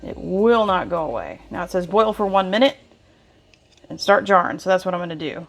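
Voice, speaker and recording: This gravelly, lowish voice is animated and fairly quick. It belongs to a home cooking vlogger who chats folksily with viewers while stirring in her home kitchen during a casual demonstration.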